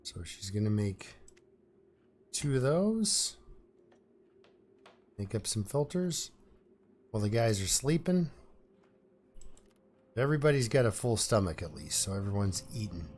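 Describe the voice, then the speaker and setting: A man's voice: lowish voice, sing-song, unhurried, pauses often, a little mellow. A man giving casual let's-play commentary, thinking aloud with fillers and restarts as he plays. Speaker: gameplay commentator.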